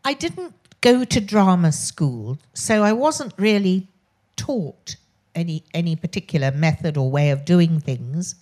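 An older Englishwoman with a posh accent appears as a talk show guest, speaking frankly and bluntly, swearing freely and laughing between phrases. Her voice is fairly low and darkish, expressive, and a little slow.

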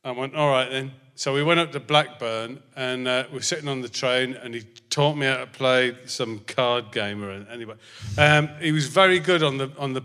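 A man's voice: medium pitch, moderate pace, hardly any pauses, bright, forceful tone, clear, resonant tone. A man as a guest, telling a meandering anecdote and losing his thread, into a handheld mic on a theatre stage. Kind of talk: rambling anecdotal storytelling. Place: theatre stage before a live audience. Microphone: handheld microphone. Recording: reverberant theatre hall.

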